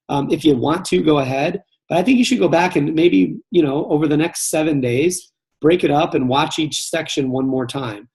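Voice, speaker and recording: A man's voice: a little high, darkish tone. A man coaching salespeople on a live call, earnest, often repeating and restarting his phrases as he talks straight to his audience. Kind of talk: live webinar coaching talk.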